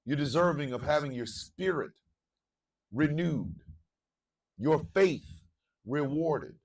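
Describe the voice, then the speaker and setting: Man, radio host, preachy monologue, gravelly, sits back from the mic. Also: fairly high pitch, expressive, slow pace, recorded from a distance. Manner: preachy, repeats phrases, swings from murmur to shouting. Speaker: morning show host. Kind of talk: impassioned monologue.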